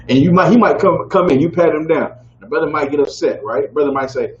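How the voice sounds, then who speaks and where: Brisk and expressive, the man leading this scripture class preaches to the group, repeatedly asking "y'all with me?" to spark call-and-response. Faint background noise sits under roomy, dull, low-fi audio.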